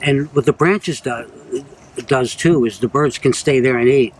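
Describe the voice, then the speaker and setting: A man's voice: medium pitch, normal speed, a little hiss or hum, rough recording. A man speaking in a rambling, earnest casual monologue to his viewers. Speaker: vlogger.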